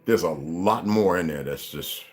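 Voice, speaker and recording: A man's voice: low voice, unhurried, soft background music. A man hosting a livestream, talking casually to his viewers in a rambling, preachy and profane way. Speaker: livestream host.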